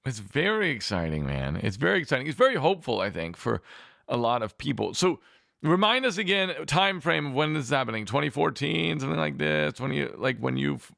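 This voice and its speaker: Gravelly, lively male podcast host. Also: mid-range voice, brisk, no echo, clean studio sound. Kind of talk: casual interview chat.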